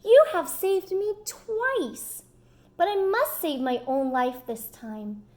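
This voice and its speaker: A woman voicing a kind male butterfly in a storybook reading, speaking softly and earnestly. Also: extremely high pitch, very animated, slow pace, pitched above the performer's own voice, full character voice. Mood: tender.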